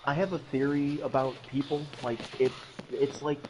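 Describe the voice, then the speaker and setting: A young man with an ordinary mid-range voice, musing aloud in casual chat. His sentences loop around "like" as he works out an idea. Steady noise and clicking sit clearly under his voice. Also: mid-range voice, moderate pace. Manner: musing, philosophizing with lots of "like".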